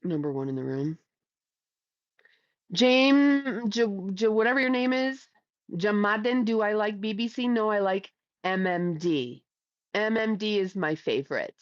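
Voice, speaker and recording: A woman's voice: mid-range voice, lively intonation, measured pace, dry recording, lo-fi sound. Blunt middle-aged woman streamer. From Ohio, USA. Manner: blunt, crude, chatty. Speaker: livestream host reading chat. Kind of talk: casual livestream chat.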